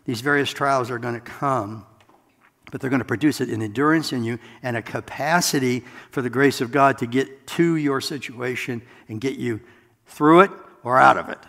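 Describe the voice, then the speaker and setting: A man preaching a sermon in a relaxed, conversational way, with self-deprecating asides, in a church sanctuary. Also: medium pitch, normal speed. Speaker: pastor. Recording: long hall reverb.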